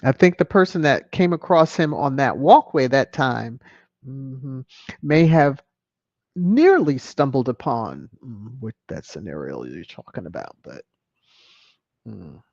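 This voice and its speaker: A woman's voice: rumbling low, very animated, measured pace, darkish tone, no echo, highs cut off. A woman hosting a casual livestream, reading viewer comments aloud with a playful, teasing manner and frequent chuckles. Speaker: livestream host.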